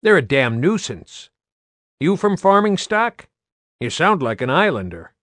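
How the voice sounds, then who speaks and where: A rough, outspoken middle-aged farmer talks in a raised, pitched-up voice, as a man reading an audiobook puts him on. He sounds blunt and rowdy. The recording is dry and close. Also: very animated, unhurried, fairly bright tone, no echo.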